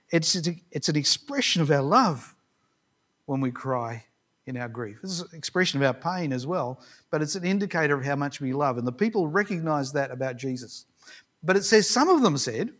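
A man's voice: fairly high pitch, fairly bright tone. A man giving a sermon, retelling a Bible story in a conversational, reflective way with occasional restarts. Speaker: preacher.

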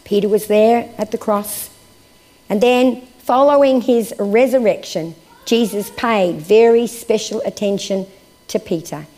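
A woman delivering a sermon in a voice of middling pitch. She works through scripture passages with real expression, rising on key points and sinking to a near hush on sombre lines. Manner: expressive, swinging from raised emphasis to hushed, slow phrases. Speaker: preacher.

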